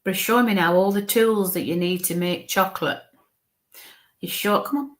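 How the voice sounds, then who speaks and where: A woman medium giving a live spirit reading, talking in halting bits and murmuring soft coaxing asides. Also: medium pitch.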